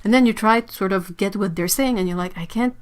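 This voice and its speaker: A woman's voice: mid-range voice, fast talker, smooth. A young woman, hosting a casual livestream chat, musing aloud and sounding out words with frequent laughs. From Quebec, Canada. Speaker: livestream host, artist.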